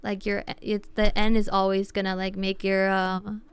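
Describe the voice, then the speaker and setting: A young woman talks casually to her live-stream viewers, wandering through explanations with constant "like"s and false starts. Her voice is very smooth and crisp, with a gravelly fry underneath. The sound is close and dry. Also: medium pitch, monotone, moderate pace, no room sound. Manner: rambling, heavy use of "like", explains with restarts.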